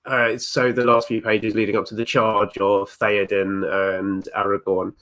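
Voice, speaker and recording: A man's voice: lowish voice, little pitch movement, measured pace, a bit bright. A man chatting casually as a guest, with frequent restarts and chuckles. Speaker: guest Tolkien YouTuber. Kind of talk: casual video-call discussion.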